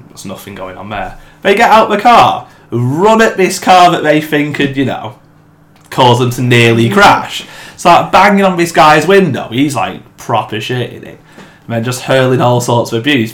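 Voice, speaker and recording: A young man, casually telling a story among friends, animated and laughing often. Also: mid-range voice. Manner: animated, swears freely, laughs through the story. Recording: echoey room with faint ambient noise.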